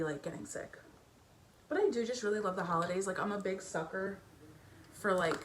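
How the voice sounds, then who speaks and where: A woman's voice: lowish voice, slight background noise. A young woman chatting casually while doing her makeup in a get-ready-with-me video, with lots of fillers and a self-conscious, giggly way of talking. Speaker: beauty vlogger. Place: home bedroom with family noise downstairs.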